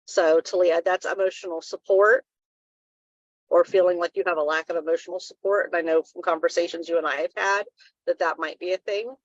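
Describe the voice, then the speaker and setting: A woman's voice: lowish voice, steady tone, a little fast, no room sound, dull audio. A woman co-hosting a live wellness talk stream, giving earnest advice in a casual, rambling way.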